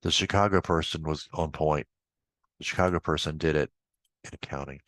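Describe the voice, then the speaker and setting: A man instructor walking through a software tutorial in a casual, chatty way with offhand asides. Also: a bass voice, normal speed, no echo. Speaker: accounting instructor. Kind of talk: screen-recorded software tutorial.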